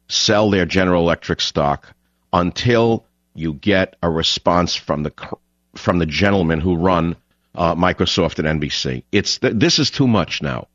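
A man hosting a talk radio show, ranting and mocking in a monologue that swings between shouting and muttering. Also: sits low, dry recording. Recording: dull lo-fi radio broadcast.

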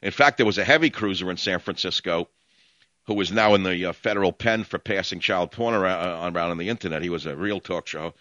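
Brash New York radio host. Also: male voice, low voice, fast, bright, forceful tone, no echo, lo-fi sound. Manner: brash, sardonic, rambling rants. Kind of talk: opinionated call-in radio talk.

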